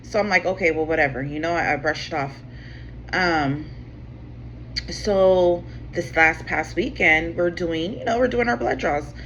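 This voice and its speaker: A woman's voice: fairly low pitch, measured pace, fairly bright tone, a little hiss or hum. A woman host chatting casually, telling a rambling story full of fillers and swearing. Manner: rambling, full of "like" and "you know what I'm saying", swears freely. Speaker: tarot channel host. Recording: slightly dull sound with faint room ambience.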